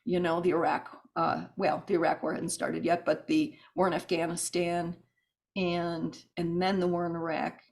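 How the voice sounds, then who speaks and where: A woman telling stories as a podcast guest, animated and rambling with restarts and asides. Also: on the low side, moderate pace, creaky. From United States. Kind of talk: podcast interview storytelling.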